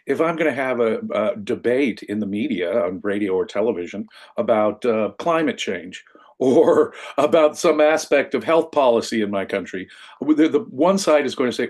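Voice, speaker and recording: A man who is a lawyer, co-hosting a show and arguing his point in a deliberate, reasoned way. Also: medium pitch, animated, a little mellow. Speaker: lawyer co-host. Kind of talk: casual commentary.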